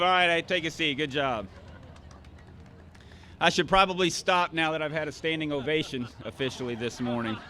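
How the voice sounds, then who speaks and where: A man's voice: medium pitch, sharp tone, a little hiss or hum. A man in his fifties from Arkansas giving a speech at an outdoor ceremony, sometimes calling out drill commands. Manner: commanding drill calls at moments. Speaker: ceremony speaker.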